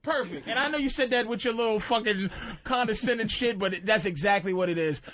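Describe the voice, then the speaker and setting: Radio guest, man, 30s, high voice, blunt crude storyteller, dull lo-fi sound. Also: fast, a bit bright, no room sound. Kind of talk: crude casual radio chat.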